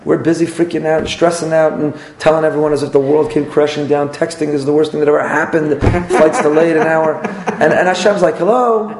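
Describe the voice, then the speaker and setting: A man, a rabbi teaching a class, lively and repetitive, acting out little dialogues as he lectures. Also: on the high side, a little fast, hardly any pauses. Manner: animated, repeats phrases and acts out little dialogues. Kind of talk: Torah class lecture with audience questions. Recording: roomy echoey room.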